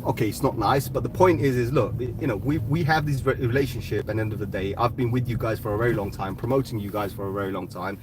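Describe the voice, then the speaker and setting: A man's voice: mid-range voice, fast talker, hardly any pauses, background noise. A man hosting a live crypto talk, ranting bluntly and swearing, often tagging "right?". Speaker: crypto podcast host.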